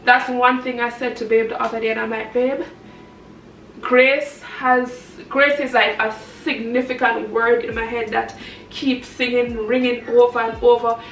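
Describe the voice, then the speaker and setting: A chatty woman with a high voice talks casually to her viewers, rambling and laughing often. She sits a little back from the mic in a roomy, echoey space, with faint noise behind her. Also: flat delivery, normal speed, a bit bright. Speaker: vlogger and mother. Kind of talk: casual chat to camera. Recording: echoey, from a distance.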